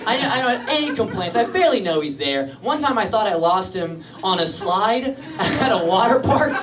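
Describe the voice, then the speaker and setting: A man's voice: sits high, big pitch swings, normal speed, a crowd in the background. A young man from England doing a rambling, self-deprecating stand-up comedy set on a club stage. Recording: distant live stand-up recording with audience laughter.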